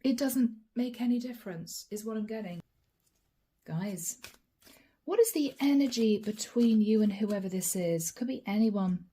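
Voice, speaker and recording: A woman's voice: mid-range voice, measured pace, dark tone, breathy edge. A woman giving a channeled tarot reading, talking straight to the viewer in a musing, reassuring way. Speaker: tarot card reader.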